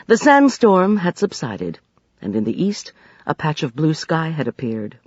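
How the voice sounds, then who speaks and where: A man narrating an audiobook in a measured, expressive way. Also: a little high, dry recording, dull audio.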